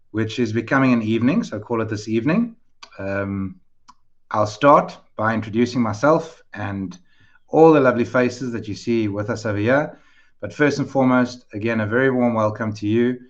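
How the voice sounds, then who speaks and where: A man's voice: mid-range voice, normal speed, muffled recording. A man hosting an online information session, welcoming viewers and introducing the panel in a chatty, upbeat way over a video call. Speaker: webinar host, head of school.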